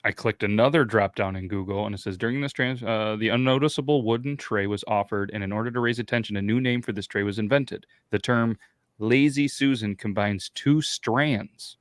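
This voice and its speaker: A man with a low voice co-hosts a casual podcast, wry and offhand. His voice sounds dry and close, with no room around it. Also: brisk, no echo. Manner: dry, wry, reads search results aloud. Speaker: podcast co-host.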